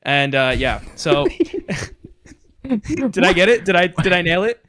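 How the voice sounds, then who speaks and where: A man's voice: high voice, takes it slowly. A man co-hosting a podcast in casual chat, animatedly retelling events and slipping into quoted voices. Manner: animated storyteller, quotes wrestlers in put-on voices. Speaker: podcast co-host. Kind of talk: casual chat recapping wrestling.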